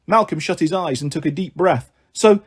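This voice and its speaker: A man reading a children's book aloud, narrating and voicing many characters with lively expression. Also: fairly high pitch, fairly quick, husky. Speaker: storyteller.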